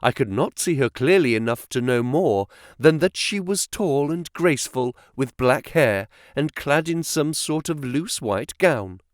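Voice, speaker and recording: A male audiobook narrator reading a classic detective story in a measured, dramatic way. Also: mid-range voice, lively intonation, dry recording, studio quality.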